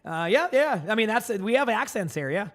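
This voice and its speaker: A man from Massachusetts without a regional accent, rambling casually to his live-stream chat with lots of filler words and quick answers to viewers. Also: high-pitched, animated, faint music behind.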